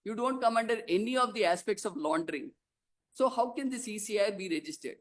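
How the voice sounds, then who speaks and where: Forceful advocate. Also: medium pitch, quick pace. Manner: forceful, rhetorical questions, repeats "my lords". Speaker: advocate arguing in court. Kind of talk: formal courtroom argument.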